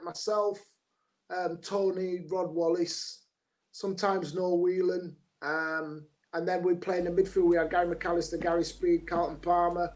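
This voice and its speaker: A man in his fifties, a former footballer, talking as a podcast guest and telling relaxed stories full of fillers and restarts. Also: high-pitched, rough recording. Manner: relaxed anecdotal storytelling with many fillers. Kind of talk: podcast interview.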